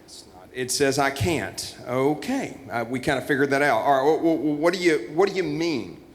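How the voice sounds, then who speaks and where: A man's voice: fairly high pitch, animated, normal speed, slight background noise. A man hosting a church Christmas show on stage, playing flustered as he reads cards aloud. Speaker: church event emcee. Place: large church auditorium. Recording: long hall reverb.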